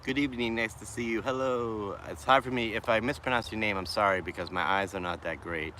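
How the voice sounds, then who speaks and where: His voice is fairly low with a sharp edge, and there's slight background noise. The faintly Boston-accented vlogger chats on a casual livestream from a shaded wooded park in the city, taking his time and restarting thoughts as he responds to comments.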